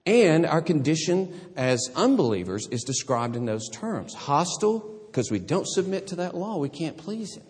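Lively male preacher in a reverberant hall. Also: fairly high pitch, moderate pace, hardly any pauses. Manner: animated, conversational preaching with humorous asides. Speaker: pastor. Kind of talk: sermon.

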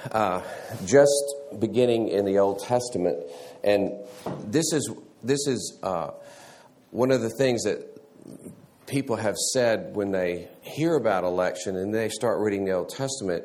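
A man teaching a church Sunday school class in a halting way, restarting words and often clearing his throat. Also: fairly low pitch, darkish tone, slight background noise.

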